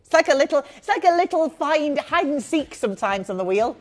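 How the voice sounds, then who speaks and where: A woman presenting live jewellery sales on a shopping channel, chatty and gushing with quick asides. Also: high-pitched, animated.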